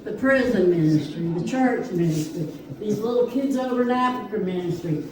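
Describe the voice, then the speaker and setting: A woman telling family stories in a quick, amused way. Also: medium pitch, lively intonation, a little mellow. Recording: distant mic, echoey hall, clear noise.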